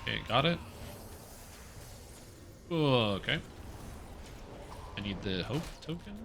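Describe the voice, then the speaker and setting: Rambling, excitable man streaming a game. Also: mid-range voice, slow, noisy background. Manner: rambling, excitable, swears, talks with teammates. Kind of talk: casual live-stream gaming chat.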